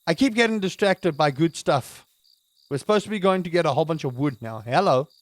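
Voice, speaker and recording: A man's voice: on the high side, expressive, brisk, dry recording. A man giving playful, chatty let's-play commentary with jokey wordplay. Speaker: gaming host.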